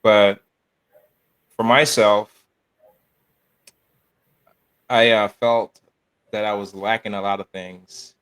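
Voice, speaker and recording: Very deep-voiced male podcast host. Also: flat delivery, slow, pauses often, fairly bright tone, clean tone. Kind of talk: interview conversation.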